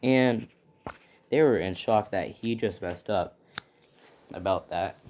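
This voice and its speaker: Low-voiced guy rambling thru a fan story at home, lots of "right?", bit of hiss. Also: slow pace, darkish tone. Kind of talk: casual retelling of a fan story. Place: at home with his dog.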